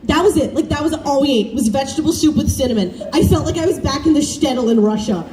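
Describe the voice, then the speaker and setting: A young woman from the American South performing a self-deprecating stand-up set, chatty and animated as she tells family stories. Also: high voice, quick pace, a little hiss or hum. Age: young adult. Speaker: student stand-up comic. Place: campus showcase stage. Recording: roomy, distant stage recording with faint ambience.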